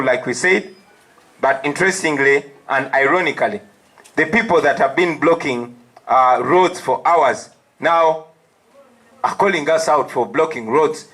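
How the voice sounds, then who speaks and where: A man with a Ugandan accent giving a firm, emphatic press statement as an opposition party leader, defiant and deliberate. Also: on the high side, a bit bright, rough recording.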